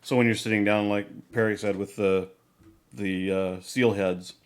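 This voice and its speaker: Male podcast host, lowish voice, casual and rambling. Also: fairly even intonation, normal speed, clean tone. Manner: rambling, many restarts and fillers. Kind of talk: casual hobby chat.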